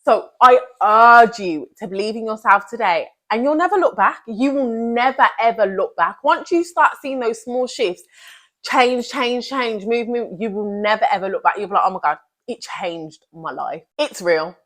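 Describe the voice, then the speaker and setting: Woman, young adult, higher-pitched voice, earnest, emphatic, motivational vlog talk. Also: expressive, normal speed, a bit bright. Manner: earnest and emphatic, repeats key phrases. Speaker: vlogger.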